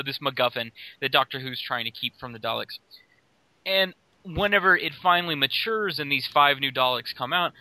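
Brief: man, casual podcast co-host, very bright and forward tone, dry close sound, rambling storyteller. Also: medium pitch, clean tone, no echo, low-quality recording. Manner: rambling, animated storytelling with fillers. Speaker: podcast co-host, customer service supervisor. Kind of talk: casual chat.

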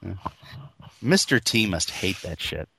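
A man's voice: low-pitched, expressive, a little slow, vocal fry, bright, forceful tone, husky, no echo. A man in casual podcast banter, crude and joking, laughing often.

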